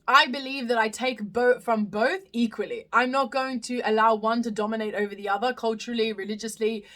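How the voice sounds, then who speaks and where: A woman's voice: on the high side, steady tone, a little fast, a bit bright. A young woman from Australia hosting a casual live stream, chatting through viewer comments with lots of fillers and restarts. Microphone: phone live stream.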